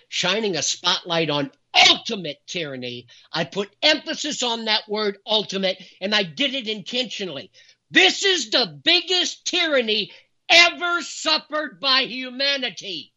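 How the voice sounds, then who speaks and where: A man's voice: high-pitched, bright, forceful tone. A man hosting a talk show, delivering an emphatic, dramatic monologue. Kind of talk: impassioned monologue. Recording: dull lo-fi recording.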